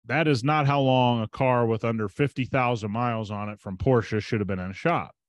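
A man hosts a podcast, spinning a long anecdote in casual, emphatic talk. His voice sits at an ordinary middle pitch. The sound is close and dry, with no room around it. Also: a little fast, no room sound. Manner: chatty, emphatic, retells conversations with quoted dialogue. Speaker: podcast host. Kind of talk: casual storytelling monologue.

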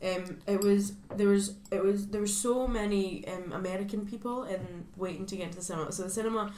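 A woman's voice: mid-range voice, fairly even intonation, brisk, darkish tone, slight background noise. A woman in her twenties, a podcast co-host telling a story in casual chat, laughing often. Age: 20s. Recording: echoey room.

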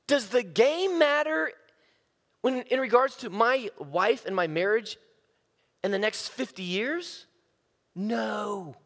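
A man preaches in a humorous, self-mocking way, acting out little scenes as he tells stories. His fairly high voice swings widely in pitch. A long reverb from a big hall trails behind it. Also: a bit bright. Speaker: speaker. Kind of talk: humorous sermon storytelling.

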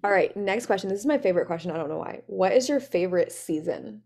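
Podcast host, woman, lower-pitched, gushing and chatty. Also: animated, quick pace, creaky, a little mellow. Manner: enthusiastic, chatty, many "like" fillers. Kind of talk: casual interview chat.

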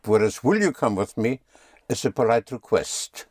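A man's voice: medium pitch, expressive, normal speed, darkish tone, no echo, studio quality. A man teaching German in a patient one-on-one lesson, often spelling words out letter by letter.

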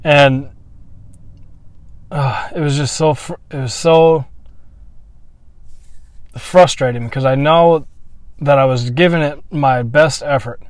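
A man telling a personal story in a candid, reflective monologue, swearing freely and pausing to restart his thoughts. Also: mid-range voice, no room sound.

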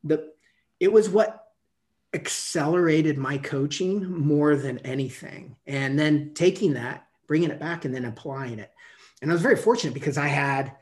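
On a podcast, a fifty-something coach spins long, rambling stories full of fillers and restarts in a casual interview. His voice sits on the high side, at a moderate pace.

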